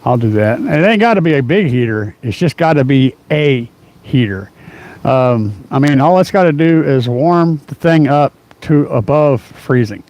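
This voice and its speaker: A man's voice: medium pitch, animated, normal speed, darkish tone. A middle-aged man hosting a casual car audio live stream, rambling with many fillers and easy laughs. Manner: rambling, rough-edged, laughs a lot, lots of fillers. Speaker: car audio livestream host.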